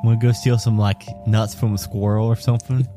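A man voicing a playful, mischievous male jungle creature with a goofy, excited manner. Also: brisk, music in the background, lightly acted. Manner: excited, high-pitched and goofy.

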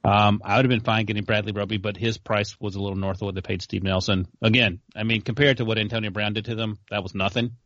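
A man's voice: fairly low pitch, steady tone, a bit bright, dry recording. A man co-hosting a sports podcast, talking casually and correcting himself mid-sentence. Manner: quick asides, self-correcting. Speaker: podcast co-host. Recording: dry, dull lo-fi audio.

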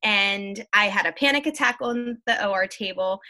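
A woman in her thirties tells her own story as a podcast guest, candid and quick, full of fillers and little acted-out quotes. Her voice is bright and forward, with a tense edge. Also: mid-range voice. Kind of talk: personal storytelling.

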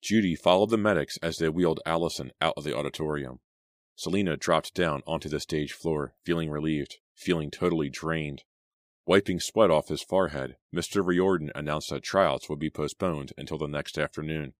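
A man with a very deep voice narrates a teen horror story in a deliberate, suspenseful way. The recording is dry and close, with no room sound around him. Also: dry recording. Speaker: audiobook narrator.

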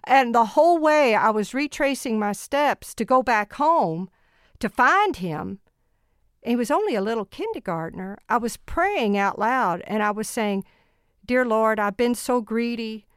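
Woman in her sixties, earnest storyteller, slightly high voice, dry close sound. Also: unhurried, smooth, no echo. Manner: earnest, animated storyteller who laughs while telling. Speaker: guest, mother of ten. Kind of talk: personal storytelling in an interview.

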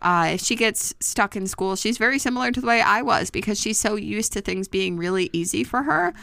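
A woman in her thirties, co-hosting a casual parenting chat, chatty and quick to laugh. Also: medium pitch, gravelly, fairly bright tone, no room sound. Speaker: podcast co-host.

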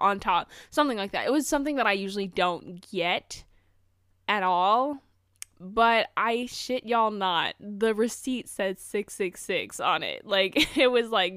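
A young woman in her twenties chats through a casual storytime vlog, animated and full of quoted back-and-forth. Her voice is smooth and clear, recorded close and dry with no room sound. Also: mid-range voice, no room sound. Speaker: vlogger.

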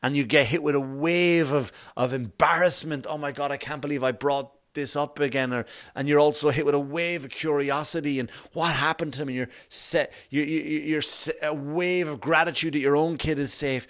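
A man's voice: on the high side, moderate pace, hardly any pauses, a bit bright. A middle-aged man doing a profane stand-up routine, rambling and acting out little scenes in put-on voices. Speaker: stand-up comedian.

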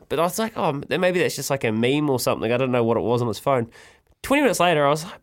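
A man with a New Zealand accent hosting a radio show, telling stories in a casual, animated way and acting out quotes. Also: mid-range voice, very fast. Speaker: radio host. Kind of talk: casual chat.

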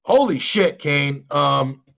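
A man's voice: on the high side, animated, slow, gravelly, fairly bright tone, dull audio. An older man co-hosting a podcast, ranting in a profane, exasperated way. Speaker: podcast co-host. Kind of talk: casual podcast rant.

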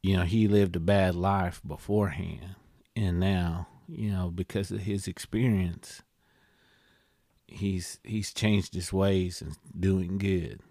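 A deep-voiced man chats casually on a podcast, wandering through his story with lots of pauses and "you know"s. The sound is dry and close, with no room echo. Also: fairly even intonation, dark tone. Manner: rambling, halting, many "you know" fillers. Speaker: podcast co-host.

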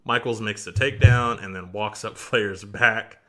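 A man's voice: lowish voice, moderate pace. A man co-hosting a wrestling podcast, chatting casually and laughing often. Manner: animated, laughs often, puts on shouting voices for quotes. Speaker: podcast co-host. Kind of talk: casual wrestling review chat.

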